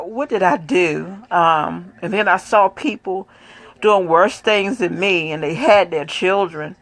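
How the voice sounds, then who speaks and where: A middle-aged woman giving a personal faith testimony, speaking softly and haltingly with many pauses and fillers. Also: mid-range voice, low-quality recording. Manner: soft, quiet, emotional delivery. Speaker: grieving mother sharing her faith.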